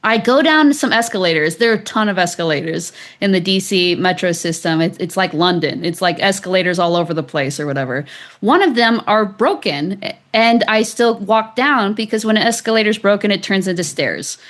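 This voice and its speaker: A woman's voice: medium pitch, animated, a little fast. A woman author, a guest on an interview show, telling a personal story in a chatty, loose way full of fillers. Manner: chatty, with frequent "like" and laughs. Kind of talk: conversational storytelling.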